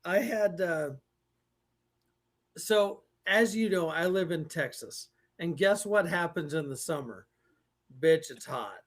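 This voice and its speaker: A man's voice: a little high, expressive, slow pace. A man co-hosting a live podcast, joking crudely and laughing between lines in casual banter. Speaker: podcast co-host.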